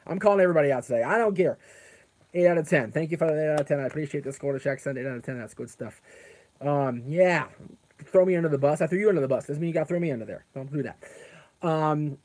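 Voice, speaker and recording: Quick and on the high side, with a darkish tone, this man runs a relaxed live stream, wandering between topics and responding aloud to chat. He often stops to fix what he said, leaning heavily on fillers.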